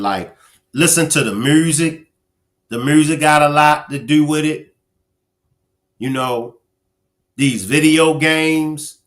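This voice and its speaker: A man's voice: medium pitch, fairly bright tone. Emphatic man live-streaming commentary. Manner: talks straight to chat viewers, emphatic, repeats phrases. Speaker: livestream commentary host.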